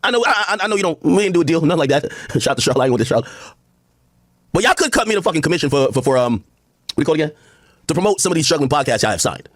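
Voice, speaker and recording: A man talks to his chat in a high, animated voice that rushes along. He mocks and swears, laughing between lines, and he says he is drunk. The sound is dry and close. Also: no echo. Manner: profane, mocking, laughing. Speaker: livestreamer. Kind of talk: drunk rant on a livestream.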